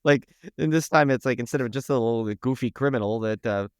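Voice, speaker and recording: A man's voice: mid-range voice, brisk, clean tone, no room sound, clean studio sound. A man co-hosting a horror podcast, talking in a jokey, rambling way full of "like" and "uh". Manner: jokey, rambling, uses lots of "like" and "uh". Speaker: podcast co-host. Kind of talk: casual podcast chat.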